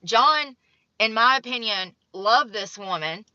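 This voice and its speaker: A young woman vlogger reads from an article and weighs in bluntly with judgmental commentary. Her voice sits a little high and sounds bright and forceful. The recording is dull and lo-fi, in a dry room with no echo. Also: expressive, takes it slowly. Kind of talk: opinionated commentary, reading from an article.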